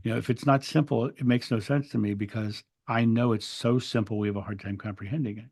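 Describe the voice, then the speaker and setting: A man's voice: lowish voice, fairly even intonation, quick pace, darkish tone. A man telling a spiritual story in an interview, earnest and reflective, often restarting his words. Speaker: interview guest.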